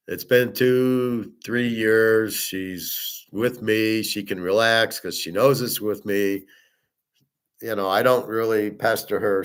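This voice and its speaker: A rather low-voiced man talks in a loose, rambling monologue. He is blunt and profane and wanders from one aside to the next, like a show host chatting off the cuff. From United States. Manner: blunt, profane, digressive storytelling. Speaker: sports betting podcast host.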